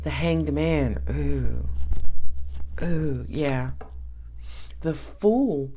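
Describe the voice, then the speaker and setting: A woman's voice: lowish voice, expressive, a little slow, slight background noise. A woman giving a casual tarot reading, chatty and sassy, with frequent laughs. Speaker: tarot reader.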